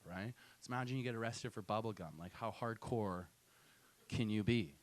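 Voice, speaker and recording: A man's voice: fairly low pitch, brisk, slight background noise. A young adult man doing a stand-up set and hosting a comedy night, telling a loose, profane story full of "right?" tags. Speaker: stand-up comic and show host. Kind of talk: stand-up set with crowd work. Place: comedy night venue with live audience.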